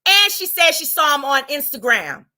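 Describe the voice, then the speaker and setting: A woman with a high voice hosts a livestream and tears into a rival. She is combative and profane, dragging some words out and rushing others. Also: sing-song, bright, forceful tone. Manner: combative, profane, drawn out then rushed. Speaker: livestream host. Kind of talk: angry livestream rant.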